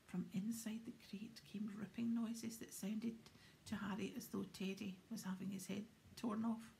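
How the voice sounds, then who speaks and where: A woman reading a storybook aloud in a soft, steady whisper. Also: medium pitch, normal speed, vocal fry, few pauses, slight background noise. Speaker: audiobook reader.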